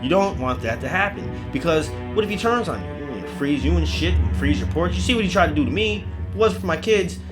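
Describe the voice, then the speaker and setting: Profane, animated male storyteller. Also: a little high, fast talker, hardly any pauses, over music. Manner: profane, animated, yelps and cries out in pain. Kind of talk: comic horror storytelling.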